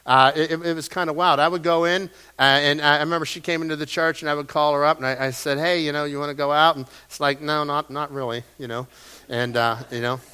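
Middle-aged male pastor, bright and forceful, a bit high, folksy storyteller in the pulpit. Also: fairly even intonation, fast talker, smooth. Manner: folksy, storytelling, self-deprecating asides. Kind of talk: sermon. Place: church sanctuary.

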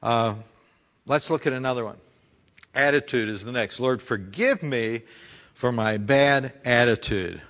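A man's voice: medium pitch, a little slow, a bit bright, big-room sound. A male pastor preaching a conversational sermon full of rhetorical questions.

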